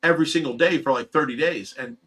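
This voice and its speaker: A man's voice: a little high, fast, crowd noise. A man hosting his own channel, telling a painful personal story to his viewers in a raw, rambling, emotional way. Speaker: host of a fish rescue channel.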